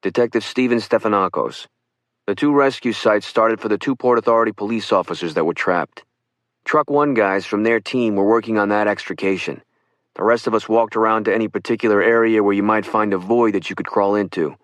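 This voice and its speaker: A man narrating an oral history audiobook, reading survivors' accounts in a calm first-person voice. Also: fairly low pitch, fairly quick, no room sound.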